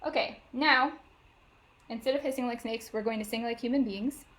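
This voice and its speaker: A choir director leading vocal warm-ups over a video call, coaching step by step with frequent cues to get ready. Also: female voice, on the high side, moderate pace. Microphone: video call microphone. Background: piano she plays for the exercises.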